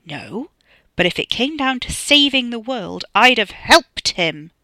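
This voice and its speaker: A woman's voice: a little high, sing-song, unhurried, sharp tone, no echo, pitched above the performer's own voice, heavily acted. A woman voicing an indignant young woman scolding her friend over the phone in a storybook reading. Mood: exasperated.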